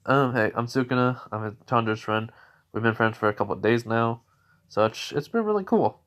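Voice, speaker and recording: A man voicing a cocky, relaxed male curse spirit in a low-key, offhand way. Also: brisk, close to an everyday voice. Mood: friendly.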